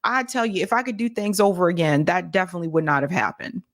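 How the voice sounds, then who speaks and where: A woman's voice: on the low side, fast. A woman co-hosting casual political commentary, blunt, incredulous and openly profane. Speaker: co-host.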